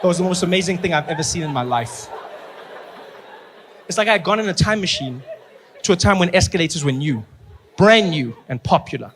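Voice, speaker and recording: A man with a South African accent doing animated stand-up storytelling, acting out the people in it. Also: fairly high pitch, a little fast, pauses often, slight background noise. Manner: animated, playful, acts out characters. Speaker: stand-up comedian.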